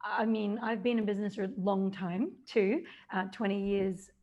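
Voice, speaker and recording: In a relaxed podcast conversation, a forties-aged woman reflects candidly on her business, occasionally restarting her sentences. She has a mid-range, slightly mellow voice with fairly even intonation and a moderate pace, and the recording sounds muffled.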